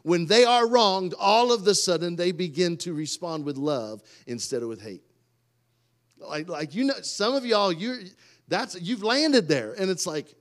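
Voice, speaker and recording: A man preaches a sermon. His voice sits a little high for a man and moves a lot in pitch. He swings between loud, emphatic outbursts and quiet, soft-spoken asides. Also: animated, a little slow. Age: 30s. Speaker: pastor.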